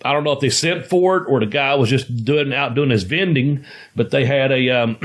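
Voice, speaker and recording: A man's voice: medium pitch, normal speed. A man co-hosting a podcast, a former wrestler telling rambling, profane stories and laughing as he goes. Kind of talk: casual storytelling chat.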